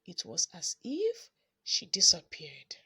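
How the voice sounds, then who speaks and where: A woman reading a children's story aloud in an expressive, dramatic storytelling manner. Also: on the low side, slow pace, slightly rough.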